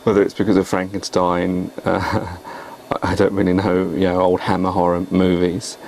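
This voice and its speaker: Man, casual video blog, rambling and hesitant, self-deprecating, monotone delivery. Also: low-pitched, normal speed, creaky, a little hiss or hum, low-quality recording. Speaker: poet and vlogger.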